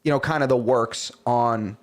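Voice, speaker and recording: Speaking at normal speed in a mid-range voice, this podcast co-host tells a story casually, cursing and animatedly performing the dialogue of the people involved.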